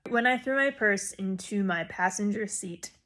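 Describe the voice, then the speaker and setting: A young woman vlogger telling a rambling story casually to a phone camera. She jumps in volume and pitch when she quotes herself. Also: normal speed. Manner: animated and rambling, with sudden loud jumps when quoting herself.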